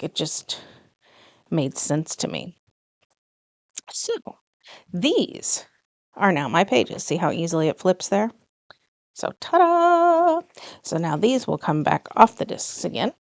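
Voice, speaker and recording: Middle-aged woman, low and gravelly, chatty self-correcting craft vlogger, dry close mic. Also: darkish tone, no room sound. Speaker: planner vlogger. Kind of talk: casual plan-with-me chat.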